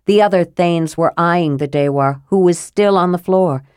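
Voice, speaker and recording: Low-voiced woman reading a fantasy audiobook. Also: moderate pace, a little mellow, clear, resonant tone, dry recording, studio quality. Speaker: audiobook narrator. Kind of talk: scripted fantasy narration.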